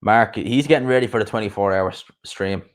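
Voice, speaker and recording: A young man, chatting casually and rambling on a live stream as its host. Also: fairly low pitch. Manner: rambling, chatty, quick asides and laughs. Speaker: YouTube boxing streamer.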